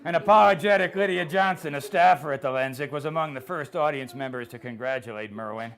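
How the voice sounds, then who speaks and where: A man, a poet, giving a live humorous poetry reading with deadpan, rhythmic comic delivery. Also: on the high side, fairly quick, vocal fry.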